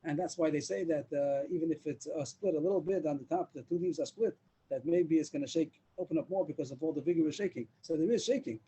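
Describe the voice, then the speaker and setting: A man's voice: on the high side, fast, dark tone, husky, rough recording. A man teaching a daily Talmud class over a video call, explaining step by step and mixing in Hebrew and Aramaic terms.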